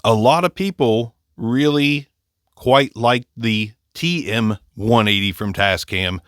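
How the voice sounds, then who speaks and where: A man's voice: mid-range voice, slow, fairly bright tone, smooth, no room sound. A man from Ohio with an Appalachian accent, congested and slightly nasal from allergies, reviewing a microphone in a chatty, joking way, close on a condenser mic. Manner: chatty, joking, self-deprecating. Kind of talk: casual gear review.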